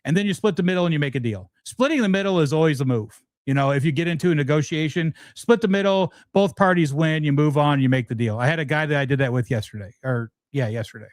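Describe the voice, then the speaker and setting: A man's voice: fairly high pitch, quick pace, few pauses, no room sound. A middle-aged man hosting a casual guitar livestream, talking frankly and rambling, with lots of restarts. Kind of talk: casual livestream chat answering viewers.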